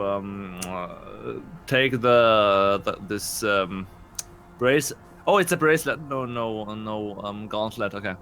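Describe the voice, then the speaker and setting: A male player in a tabletop role-playing game speaks hesitantly, often pausing to search for his words. His voice is bright and forceful. His pace is slow. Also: medium pitch, slight background noise. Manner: hesitant, many fillers and restarts.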